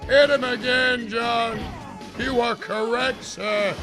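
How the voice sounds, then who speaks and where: Male game streamer, unhurried and jokey, music in the background. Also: very high-pitched, fairly even intonation. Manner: jokey, chuckles often, drops into comic voices. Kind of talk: casual live-stream commentary over gameplay.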